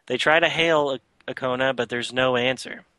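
A man's voice: mid-range voice, fairly even intonation, normal speed, bright, forceful tone, dry recording. A man hosting a podcast, casually retelling a comic book story with lots of filler words. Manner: chatty, loose retelling with frequent filler words. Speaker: podcast host.

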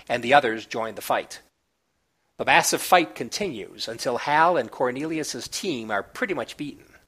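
A man reviewing comic books, recapping the plot in a relaxed, chatty way with small asides. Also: medium pitch.

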